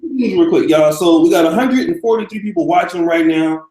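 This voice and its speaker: A man's voice: high-pitched, a little fast, dark tone, roomy sound, rough recording. A man hosting a live stream in a loose, profane, casual way, hyping up his audience. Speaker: livestream host.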